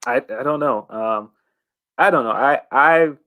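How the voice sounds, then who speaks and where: A man's voice: mid-range voice, measured pace, pushed and bright, dry recording. A man co-hosting a casual wrestling talk show, thoughtful and hesitant, with plenty of fillers. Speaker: podcast co-host.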